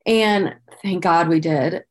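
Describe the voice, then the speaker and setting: A woman's voice: fairly low pitch, takes it slowly. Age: 30s. Sex: woman. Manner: earnest storyteller. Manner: earnest, conversational, frequent "like" fillers; speaks about painful memories with visible emotion. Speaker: podcast guest. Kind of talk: candid personal storytelling.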